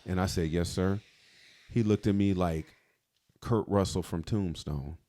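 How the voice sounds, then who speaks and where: A man's voice: sits low, normal speed, mellow. A man co-hosting a podcast, telling an emotional, confessional story from his past in casual talk. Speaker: podcast co-host.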